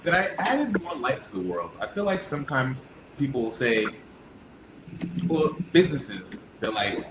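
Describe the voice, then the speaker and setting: A man talking as a podcast guest, animated, repeating phrases for emphasis. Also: medium pitch, unhurried. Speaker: podcast guest, wellness practitioner. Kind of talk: casual podcast interview. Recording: roomy, dull, noisy remote audio.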